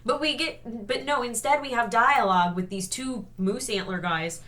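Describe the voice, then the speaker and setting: Bright-voiced woman with wry criticism. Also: a little high. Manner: wry, critical, with dramatic pauses. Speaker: co-host reviewing a TV series. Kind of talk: casual review chat.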